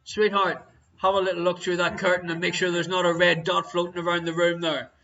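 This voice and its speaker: An Irish man runs a live-streamed quiz in a high, bright voice and ribs his viewers between answers. The stream audio is dull and lo-fi, with little clarity up top. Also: completely flat delivery, a little fast, faint music behind. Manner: jokey, teasing banter with viewers. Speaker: quiz show host.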